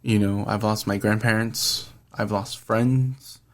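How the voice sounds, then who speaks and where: A man's voice: fairly low pitch, fairly even intonation, takes it slowly. A man hosting a podcast, talking earnestly and rambling in casual chat, swearing freely. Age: adult, past his twenties. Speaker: podcast host.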